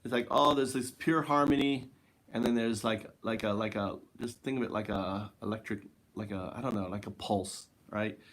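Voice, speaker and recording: Hosting an informal spiritual talk, this man wanders and searches for the right words, using lots of fillers. At moments he drifts softer and slower, and his pitch sits in the middle range.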